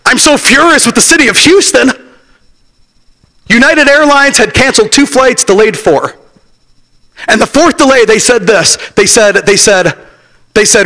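A middle-aged man preaching an impassioned sermon to young people, shouting and telling stories. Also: very high-pitched. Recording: long reverb of a large hall.

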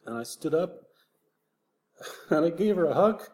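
A man, an author, speaking reflectively in an interview, soft-spoken and halting with frequent restarts. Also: on the high side, lively intonation.

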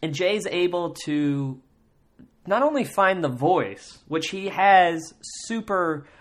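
A casual, rambling podcast host thinks out loud about comedy with a voice of middling pitch. The talk stumbles through fillers and restarts. Now and then it jumps into loud mocking voices to quote others. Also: animated, slow pace. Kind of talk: solo comedy podcast commentary.

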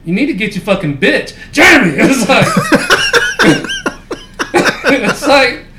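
Casual podcast co-host, male, high-pitched, profane and rambling; echoey room, faint background noise. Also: huge pitch swings, drawn-out words. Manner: profane, rambling anecdote telling with frequent fillers. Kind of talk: casual storytelling chat.

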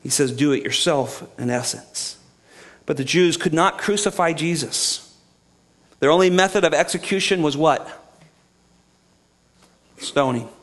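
High-voiced man preaching a sermon. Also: a little slow, long pauses, fairly bright tone. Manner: reads scripture aloud then explains it, asking the listeners questions. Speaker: pastor.

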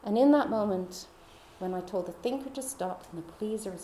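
A woman's voice: mid-range voice, fairly quick, mellow, a little hiss or hum. A woman podcast host telling her personal faith testimony in a heartfelt, confiding way. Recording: roomy echo.

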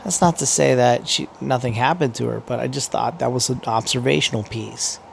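A man's voice: mid-range voice, a little fast, gravelly, a little hiss or hum. A man giving casual, rambling commentary as a podcaster, profane and meandering, with many restarts.

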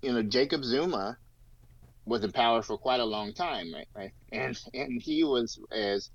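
A man's voice: mid-range voice, lively intonation, measured pace, dry recording. A man co-hosting a podcast, talking through politics in a rambling, casual way with many fillers and restarts. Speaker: podcast co-host. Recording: dull lo-fi sound, dry.

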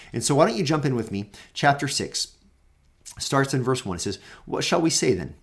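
Guy walking through a bible chapter, casual and earnest, lots of um and uh, mid-pitched voice, gets punchy on the big points. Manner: casual and earnest, with many fillers and restarts; grows emphatic and louder on key points. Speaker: host and Bible teacher. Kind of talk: conversational Bible teaching.

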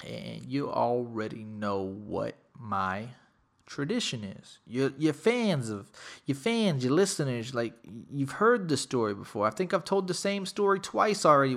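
Young man, gravelly voice, casual podcast storytelling, profane, animated. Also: medium pitch. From Texas. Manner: animated, profane, acts out quotes loudly. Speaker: podcast host.

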